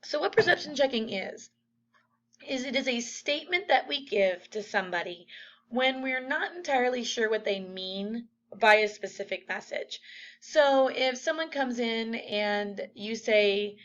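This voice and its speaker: A woman's voice: a little high, expressive, moderate pace, a bit bright. A woman teacher giving a casual recorded lecture, with lots of fillers. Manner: casual, chatty, many fillers. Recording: dull lo-fi audio.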